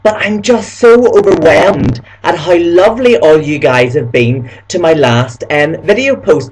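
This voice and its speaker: A man's voice: a little high, lively intonation, moderate pace, hardly any pauses, slight background noise, low-quality recording. A man from Belfast with a Northern Irish accent, chatting camply and gushingly in a casual vlog. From Northern Ireland. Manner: camp, gushing, storytelling. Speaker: vlogger presenting as a camp persona.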